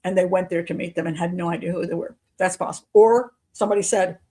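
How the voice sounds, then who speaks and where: A woman streaming live commentary, reasoning out loud in loose, unscripted talk. She questions claims with a skeptical edge, restarts her sentences, and breaks into frequent chuckles. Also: on the low side, fairly even intonation, fast. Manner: thinks aloud, restarts sentences, chuckles often. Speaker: criminal profiler hosting a live show.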